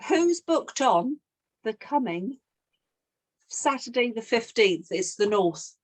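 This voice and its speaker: A woman's voice: on the high side, takes it slowly. Woman coaching her team. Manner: animated storytelling, acts out both sides of a sales call. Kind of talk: online team coaching session.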